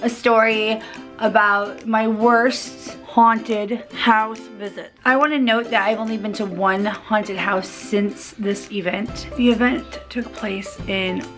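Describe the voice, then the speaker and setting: A woman in her thirties, a vlogger telling a personal story in a casual, animated way and acting out the quotes. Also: medium pitch, takes it slowly, soft background music. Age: 30s.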